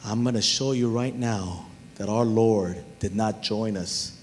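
A man preaching a sermon as pastor, animated and talking straight to his listeners, even humming tunes to make a point. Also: on the low side, unhurried, slight background noise. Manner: animated preaching, talks to the crowd.

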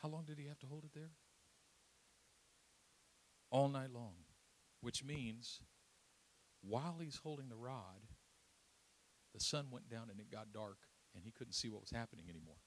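A man preaching a sermon, acting out the voices of scripture figures and swinging between loud and hushed delivery. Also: medium pitch, normal speed, long pauses, slight background noise. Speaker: pastor.

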